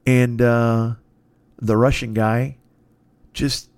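A man in his fifties telling a rambling story in a casual, profane and excitable way. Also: medium pitch, drawn-out words, vocal fry, no echo. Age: 50s.

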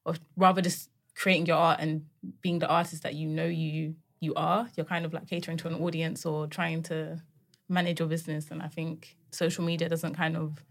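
A woman, a guest musician talking in a thoughtful, measured way. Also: low voice, little pitch movement. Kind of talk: casual chat.

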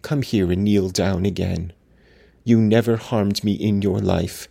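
A man's voice: on the low side, steady tone, a little slow, creaky, mellow, husky, full character voice. A man reading the lines of a dying, feverish young woman from a classic novel, in a plain reading-aloud delivery. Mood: pleading.

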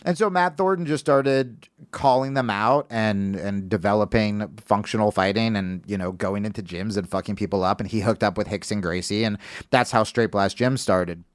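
A man's voice: fairly low pitch, normal speed, dry recording, clean studio sound. A man from New Jersey, a guest co-host telling stories in casual podcast chat and acting out what others said. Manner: animated storyteller who acts out what others said.

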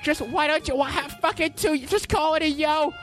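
A man's voice: very high-pitched, normal speed, faint music behind, voice pushed up. A man doing a furious swearing comedian. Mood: ranting. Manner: loud profane ranting, cursing every few words. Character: angry middle-aged male comedian, ranting and profane. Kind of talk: comic impression.

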